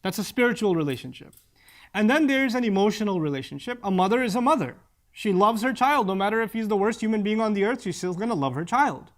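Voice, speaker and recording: A man with a notably high voice preaches about parenting, earnest and direct. He drives his points home by repeating key lines and recites Arabic verses at speed. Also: animated. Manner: recites Arabic scripture quickly. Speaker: Islamic preacher. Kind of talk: religious talk on parenting.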